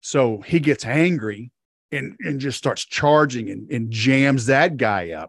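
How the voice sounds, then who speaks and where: A man's voice: mid-range voice, unhurried, no room sound. Male podcast host, casual rambling storyteller, dry close sound. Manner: rambling storyteller, many fillers and restarts; acts out quoted characters in a sharply raised voice. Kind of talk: casual interview chat.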